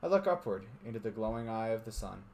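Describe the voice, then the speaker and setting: A lowish, darkish, creaky male voice that talks fast with lively intonation. He's streaming with friends, reading visual novel narration aloud steadily, then laughing and bantering in casual chat between passages.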